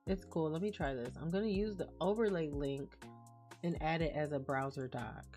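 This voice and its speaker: A woman's voice: low-pitched, moderate pace, darkish tone, soft background music. A woman streaming live, chatting casually and reading out and answering messages from her chat. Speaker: livestreamer.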